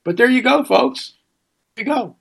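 High-pitched man ranting on talk radio. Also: expressive, normal speed, vocal fry, fairly bright tone, breathy edge. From United States. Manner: indignant, ranting, rhetorical questions. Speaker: radio talk show host. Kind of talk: opinionated radio monologue.

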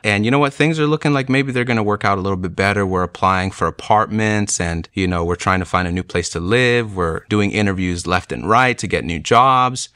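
Deep, earnest young man telling his story. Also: fairly quick, few pauses, sharp tone, smooth, no room sound, clean studio sound. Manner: earnest, reflective, with frequent "like" and "you know". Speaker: speaker sharing a conversion testimony. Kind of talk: personal storytelling.

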